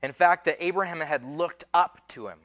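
A man's voice: on the high side, normal speed, a bit bright. A man preaching a sermon as pastor, in a casual, conversational way with slang and acted-out quotes.

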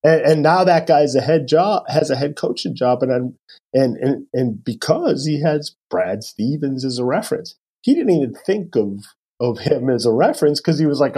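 A man's voice: mid-range voice, animated, normal speed, warm tone, husky. A man who advises coaches on their careers, talking casually and acting out quotes as he tells stories. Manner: storytelling, acts out quotes. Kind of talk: casual interview talk.

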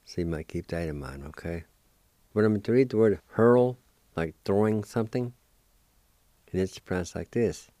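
A man with a very low, dark voice teaches vocabulary at an unhurried pace. He spells each word, then repeats it several times with patient encouragement. The sound is dry and close. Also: dry recording. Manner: slow, patient, spells words out and repeats them. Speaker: language teacher and radio host. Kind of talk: radio language lesson.

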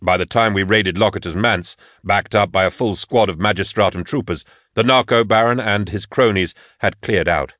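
A man narrating an audiobook in a measured, grave storytelling voice. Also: lowish voice, a bit bright, dry recording, clean studio sound. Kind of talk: scripted narration.

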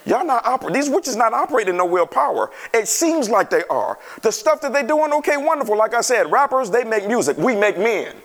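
A man preaching a sermon to a congregation, reading scripture and breaking into animated, conversational asides to the listeners. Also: high-pitched, brisk, few pauses.

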